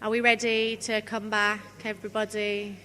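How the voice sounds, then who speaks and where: A woman's voice: mid-range voice, level tone, normal speed, pushed and bright. A woman, giving a conversational workshop talk and drawing the audience in. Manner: chatty, engages the audience directly. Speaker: conference speaker leading a workshop. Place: conference hall. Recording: reverberant conference hall.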